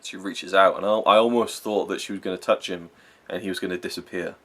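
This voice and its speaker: A man's voice: low voice, fairly even intonation, brisk, a bit bright. A young man giving a rambling, enthusiastic spoken film review, full of fillers and self-corrections.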